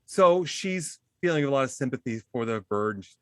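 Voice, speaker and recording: Animated storytelling man, lively pitch. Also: brisk, hardly any pauses, no room sound, studio quality. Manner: animated, acts out voices in his story; self-deprecating humor. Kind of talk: casual storytelling.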